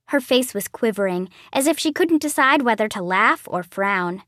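A woman narrating an audiobook in the first person, with a lively, girlish storytelling manner. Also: a little high, normal speed, no room sound, studio quality. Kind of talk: scripted narration.

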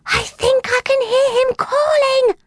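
Woman reading high, breathless storybook girl, eager, dry close sound. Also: sing-song, normal speed, no echo. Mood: anxious girl. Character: excitable young girl, worried for her cat.

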